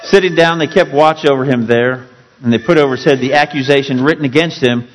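A male pastor preaching a sermon with dramatic, emphatic storytelling that drops suddenly to quiet. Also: mid-range voice, fairly quick, long reverb tail, slight background noise, rough recording.

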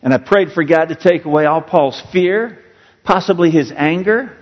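A man's voice: a little high, normal speed, in a large hall, muffled recording. A male pastor preaching a sermon in a church, earnest and storytelling, leaning hard on key words. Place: church sanctuary.

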